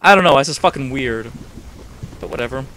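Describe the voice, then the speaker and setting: A man's voice: medium pitch, animated, brisk, pushed and bright, slight background noise. A man giving rambling, joking commentary over a game and swearing often. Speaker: gameplay commentator. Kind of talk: casual let's-play commentary. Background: game music.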